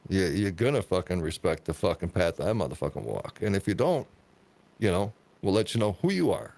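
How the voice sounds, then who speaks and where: Podcast host, male, lower voice, profane and emphatic in casual talk. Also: very animated, fairly quick, creaky, a little mellow.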